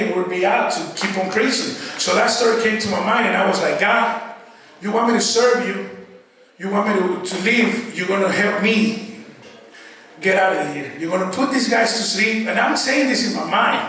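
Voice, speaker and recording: A man's voice: high voice, fairly bright tone. A man giving a church testimony as a guest speaker, telling his story casually and voicing his own past thoughts as quotes. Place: church sanctuary. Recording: echoey church hall, distant mic. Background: faint congregation calling out responses.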